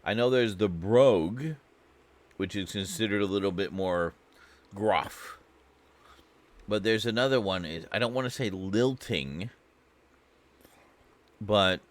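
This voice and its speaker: A Canadian man with a very deep, low voice chats while he streams a game. He rambles, swears freely and pokes fun at himself in a loose, casual way. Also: fairly bright tone. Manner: rambling, profane, self-mocking. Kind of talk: casual chat while gaming.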